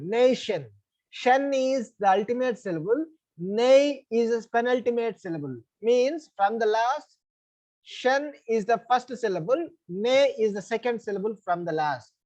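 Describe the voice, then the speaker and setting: A man's voice: very high voice, lively intonation, a little slow, darkish tone, lo-fi sound. Indian man teaching an online English class. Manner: explains rules step by step, repeats himself, checks understanding. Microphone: online class call.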